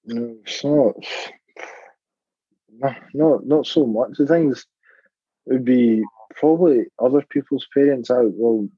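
Husky low-voiced man, dull dry audio. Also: takes it slowly, long pauses, dry recording. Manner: plain-spoken, hesitant, lots of "like". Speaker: guest, football player. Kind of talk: casual interview.

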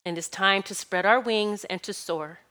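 A woman's voice: mid-range voice, moderate pace, sharp tone. A middle-aged woman giving an earnest, encouraging spiritual talk with emphatic, repeated phrases. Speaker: spiritual teacher.

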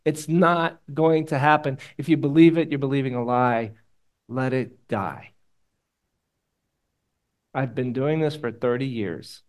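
Male pastor preaching, gets loud then goes quiet and prayerful, passionate. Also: mid-range voice, measured pace, long pauses. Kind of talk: sermon. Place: church room with congregation.

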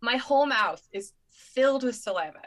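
A chatty young woman with a bright, crisp voice, co-hosting a relaxed conversation. She tells stories with animated energy and frequent laughs. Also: a little high, normal speed, rough recording. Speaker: podcast co-host. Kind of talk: casual chat.

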